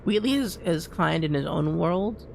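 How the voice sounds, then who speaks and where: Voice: mid-range voice, expressive, normal speed, gravelly, a little mellow, a little hiss or hum. A game streamer giving casual gameplay commentary, rambling with lots of restarts and repeats and an easy "dude" here and there. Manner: calls people "dude".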